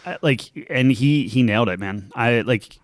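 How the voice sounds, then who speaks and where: A young man co-hosts a podcast at a moderate pace, his medium-pitched voice recorded with clean studio sound and no echo. The casual chat rambles, full of fillers and restarts.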